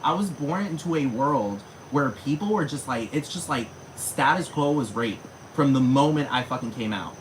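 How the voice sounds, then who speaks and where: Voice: medium pitch, animated, slight background noise, poor audio. A person in their thirties ranting in a monologue, swearing heavily and packing in fillers. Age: 30s. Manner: rapid, heavy swearing, many fillers. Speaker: vlogger.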